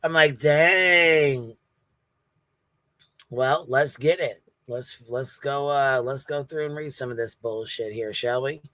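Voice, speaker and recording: A man's voice: mid-range voice, normal speed, hardly any pauses, a bit bright, no echo. A man hosting a livestream, talking bluntly in casual commentary and swearing constantly. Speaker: livestream host.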